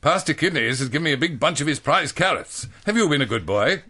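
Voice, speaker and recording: A sensible, slightly bossy woman from a storybook, as a male reader puts her on. She questions in a motherly tone, with a husky grain. Her pitch rises and falls widely. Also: sing-song, fast, pushed and bright, full character voice. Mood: stern.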